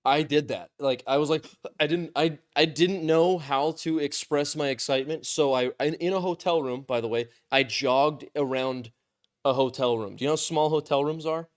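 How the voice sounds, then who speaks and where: A man's voice: on the high side, normal speed. A man in his twenties, hosting a podcast, chatting casually with a rambling, self-mocking way of talking and frequent swearing. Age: 20s. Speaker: podcast host.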